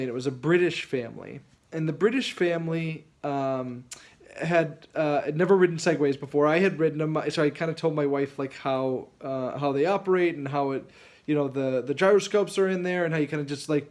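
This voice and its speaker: A man spinning a casual story from his own life, wandering along with plenty of "like" and "um" as he goes. His voice sits a bit higher than most men's. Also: darkish tone. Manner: rambling, lots of fillers and restarts. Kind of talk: casual anecdote.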